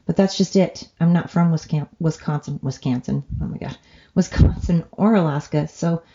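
A middle-aged woman from the Oregon coast hosts a solo podcast and rambles on in easy, self-mocking chat. Her voice sits low with a gravelly edge. The recording is dull and lo-fi. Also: normal speed, warm tone. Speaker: podcast host.

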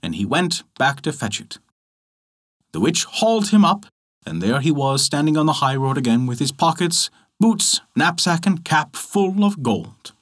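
A man narrating a folk tale as a storyteller, expressive and animated. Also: on the high side, measured pace.

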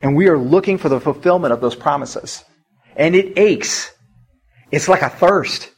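A man's voice: on the high side, normal speed, breathy edge. A middle-aged man preaching a sermon as pastor in a church, telling a story in a conversational way and rising to emphatic points. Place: church sanctuary.

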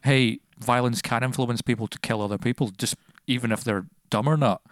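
A man's voice: medium pitch, fairly even intonation, fairly quick, dry recording, studio quality. A man co-hosting a film podcast, talking indignantly and swearing when angry. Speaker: podcast co-host. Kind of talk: casual film review chat.

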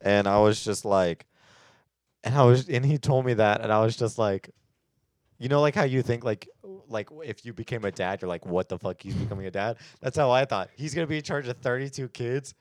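A man's voice: medium pitch, a little fast, darkish tone, dry recording, clean studio sound. A young man, a podcast co-host, rambling and laughing through casual chat with lots of filler words. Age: young adult.

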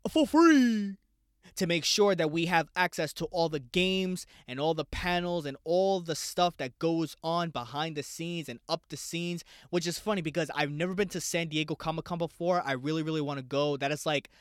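A young man from the United States hosting a casual solo podcast, excitable, swearing freely and talking straight to his listeners. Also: a little high, normal speed, clear, resonant tone, dry recording, clean studio sound. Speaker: podcast host.

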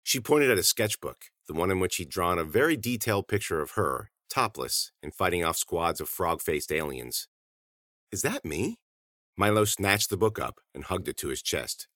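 Deep-voiced man narrating an audiobook. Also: normal speed, hardly any pauses, no echo, studio quality. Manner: animated, clipped sentences.

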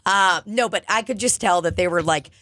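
A woman comedian chatting casually on a podcast, telling profane, animated stories. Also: on the low side, moderate pace, no room sound.

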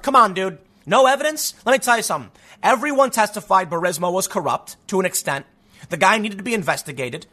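A man's voice: high-pitched, animated, fairly quick, sharp tone, breathy edge. A man from the US Midwest giving a heated, sarcastic opinion monologue as a political commentator, reading news excerpts aloud and often restarting his words. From Chicago, US.

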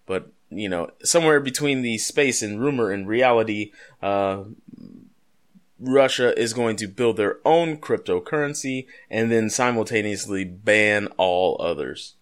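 A man's voice: lowish voice, unhurried. A man co-hosting a podcast, talking casually and rambling into jokes and pop-culture asides. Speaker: podcast co-host. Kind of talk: casual chat.

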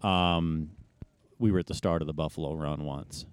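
A man's voice: a bass voice, fairly even intonation, moderate pace, smooth. A middle-aged man telling long anecdotes in a casual interview, rambling with many fillers and restarts. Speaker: guest ultrarunner.

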